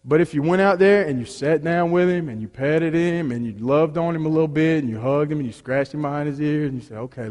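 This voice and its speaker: A man preaching with a slightly higher voice, telling stories in a loose, conversational way with many restarts. He drops to a hush, then rises to emphatic points. His voice rings out with a long reverb, as in a large hall. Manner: conversational storytelling with frequent restarts; swings between hushed and emphatic. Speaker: pastor. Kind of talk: sermon.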